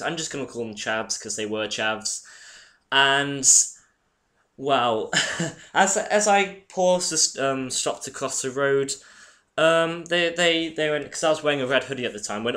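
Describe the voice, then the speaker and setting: Bright-voiced joking English teen boy. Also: medium pitch. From England. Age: teenager. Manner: chatty, jokey, swears freely, laughs mid-sentence. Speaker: gaming commentator. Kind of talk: casual storytelling over gameplay.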